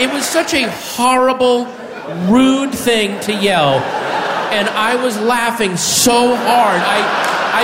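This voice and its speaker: A male stand-up comedian telling a story on stage, animated and laughing, shouting his punchlines. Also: very high voice. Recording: live club sound with reverb, crowd and noise.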